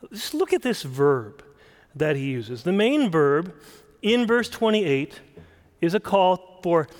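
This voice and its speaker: A man's voice: high-pitched, long reverb tail. A man preaching a sermon as pastor, explaining a text and stressing single words with emphasis.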